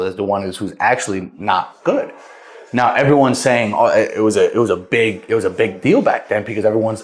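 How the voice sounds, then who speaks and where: A man's voice: lowish voice, echoey room. A young man casually retelling a Bible parable, rambling and repeating words as he goes. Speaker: vlogger.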